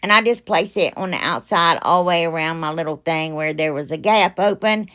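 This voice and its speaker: A woman's voice: fairly low pitch, brisk, pushed and bright. A woman hosting a casual crafting tutorial, chatting straight to her viewers with lots of fillers and rambling side comments. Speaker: craft channel host.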